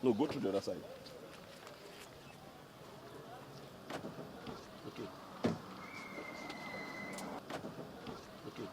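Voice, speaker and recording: An actor playing a harried young man with a Nigerian accent, a boyfriend short of cash who stammers and breaks into shouting. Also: medium pitch, background noise, lightly acted. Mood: bossy. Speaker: boyfriend pressed for money.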